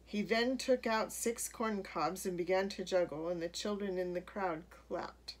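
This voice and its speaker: With a lowish voice, a woman reads a children's picture book aloud, delivering it expressively and deliberately like a storyteller.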